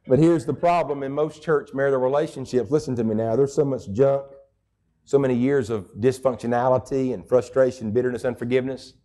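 A man's voice: medium pitch, steady tone, brisk, warm tone. A middle-aged man preaching a sermon as pastor, folksy and emphatic, with rural turns of phrase.

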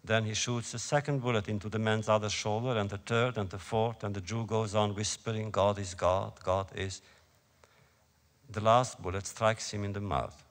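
A man, an author, reading his own prose aloud to an audience in a slow, measured, solemn way. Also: fairly low pitch, fairly even intonation, big-room sound.

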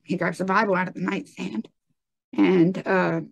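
A young woman telling her personal testimony in conversation, halting and full of ums and likes. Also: lowish voice, fairly even intonation, creaky, no room sound.

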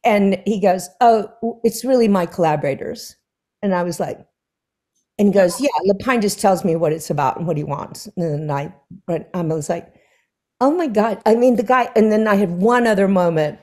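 A woman's voice: mid-range voice, normal speed. A woman singer, a guest in an onstage conversation, telling anecdotes and acting out the quoted dialogue with bursts of laughter. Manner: animated storyteller who acts out quoted dialogue with laughs. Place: stage conversation before an audience.

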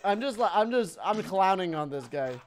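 Excitable young man, lively high voice. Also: moderate pace. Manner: excitable, laughing, thinking aloud. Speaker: gaming YouTuber. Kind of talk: let's play commentary.

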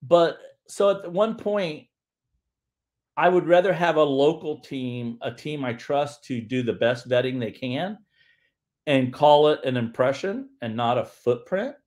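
A man's voice: on the high side, a little slow, a little mellow. Rambling man hosting a livestream. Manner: rambling, frequent restarts and fillers. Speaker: livestream host. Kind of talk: casual livestream talk.

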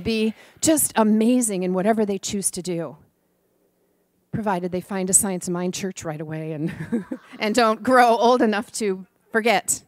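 Middle-aged woman, lively sermon storyteller, dry close mic. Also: medium pitch, a little slow, no room sound. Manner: animated storyteller, acts out voices, laughs often. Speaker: student minister giving a talk.

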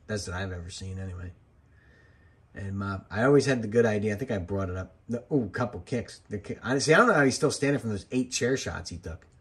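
A man's voice: fairly low pitch, fast talker, fairly bright tone, breathy edge. A man, a former wrestling referee, giving casual, rambling commentary over old match footage and drifting into jokey side stories.

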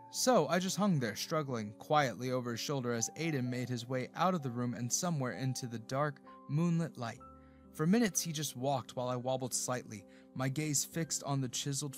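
A man narrating a first-person romance story in an expressive, emotional way. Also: mid-range voice.

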